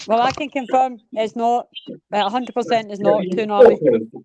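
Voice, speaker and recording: A woman's voice: fairly high pitch, moderate pace, muffled recording, over a noisy crowd. A woman hosting a live stream in casual, sweary chat, bluntly answering the people in the chat. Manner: brash, sweary, talks back to the chat.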